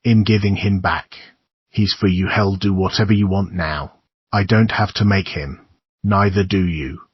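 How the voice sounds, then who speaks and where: A man reads a young woman with an otherworldly coldness, coaxing and eerily calm. The voice sits low and husky, his own, in a dry, dull recording. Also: moderate pace, dry recording. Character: young woman, cold otherworldly sister, calculating.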